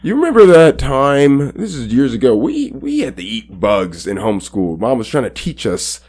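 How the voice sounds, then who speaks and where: A man's voice: mid-range voice, huge pitch swings, moderate pace, darkish tone, husky. A playful man chatting casually on a podcast and telling side stories. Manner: playful, tells side anecdotes. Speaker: podcast co-host. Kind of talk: casual chat.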